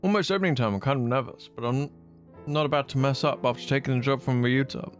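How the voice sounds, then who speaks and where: A man's voice: mid-range voice, faint music behind. Playful man reading a game aloud. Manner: playful, reads character lines with quick asides. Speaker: streamer. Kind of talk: reading a visual novel aloud on a live stream.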